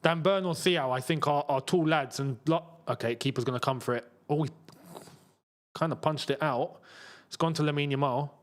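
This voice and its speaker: A young man hosting a live football watchalong, chatting casually and getting excited as chances come. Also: normal speed. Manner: excitable, chatty, jumps to a high pitch when chances come. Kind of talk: live match watchalong commentary.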